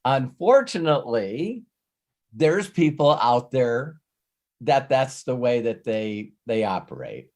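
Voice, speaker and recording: A man's voice: mid-range voice, a little mellow. Rambling male life coach. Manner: rambling, with frequent restarts and repeated words. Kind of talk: live coaching session talk.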